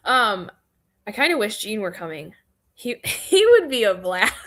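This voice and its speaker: A young woman with a central Michigan accent chats away in a loose, playful manner, laughing easily between thoughts. Her pitch sits in an ordinary middle range for a woman. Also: sing-song, measured pace, a bit bright. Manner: chatty, laughs often, playful. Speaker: knife shop guest. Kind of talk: casual chat.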